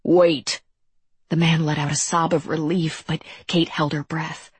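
Husky-voiced woman narrating an audiobook. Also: low-pitched, level tone, dry recording. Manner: measured, deliberate storytelling.

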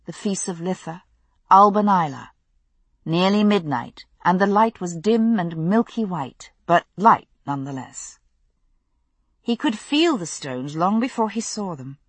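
A woman reads a novel aloud in a measured, expressive storytelling manner. Her voice is low and husky, with a lively, wide-ranging melody. The recording is close and dry. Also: no echo. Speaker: audiobook narrator. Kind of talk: scripted audiobook narration.

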